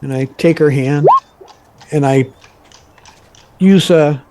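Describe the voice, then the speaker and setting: A man with a slightly higher voice, playing a tabletop game. He describes his character's moves in a hesitant, stop-start way, often pausing on "um". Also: noisy background. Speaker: player. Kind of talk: casual tabletop play.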